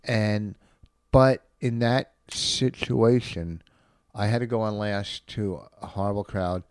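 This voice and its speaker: A man's voice: on the low side, slow pace, darkish tone, smooth, no room sound. A middle-aged man comedian in casual chat, insistent and a little defensive, giving advice in a lecturing way.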